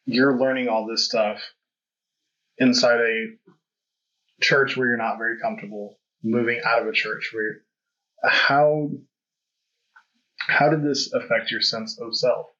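A man's voice: mid-range voice, fairly even intonation, unhurried, long pauses, bright, forceful tone. A man hosting a podcast, talking candidly and reflectively in a rambling conversational way. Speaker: podcast host. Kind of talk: conversational interview. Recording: dull lo-fi audio.

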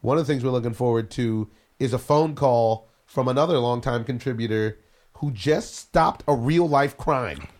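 A man's voice: medium pitch, moderate pace, a little mellow. A man hosting a casual talk show, hyped and joking in slangy banter with a caller. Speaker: host.

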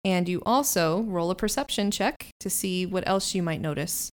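A woman running a tabletop game as game master, with chatty, halting narration. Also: on the low side.

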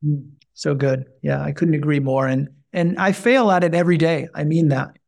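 A man talking as a podcast guest, emphatic and animated, often repeating himself, and his voice jumps up when he tells a story. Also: a little high, moderate pace, gravelly. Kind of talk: conversational interview.

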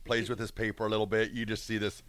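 A man co-hosting sports talk radio, chatty and animated as he tells a story. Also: on the low side, quick pace, no room sound. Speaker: radio co-host.

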